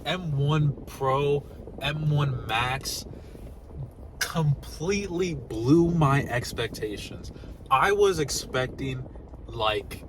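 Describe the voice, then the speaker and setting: A young man vlogging casually about new laptops, swinging between loud excitement and mumbled asides. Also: medium pitch, slight background noise. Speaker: tech YouTuber.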